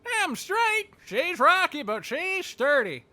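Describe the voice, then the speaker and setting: A man voicing a manic, boyish male dog who guides miners, squeaky and excitable. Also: slow pace, heavily acted. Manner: excitable, shouty, pushy.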